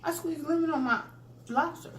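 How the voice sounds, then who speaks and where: A woman's voice: high voice, moderate pace, a little hiss or hum. Woman, 60s, eating-show vlogger, chatty, teasing, phone mic, echoey room. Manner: chatty, teasing, exclaiming to viewers. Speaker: mukbang vlogger. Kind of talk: casual eating-show chat. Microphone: phone camera.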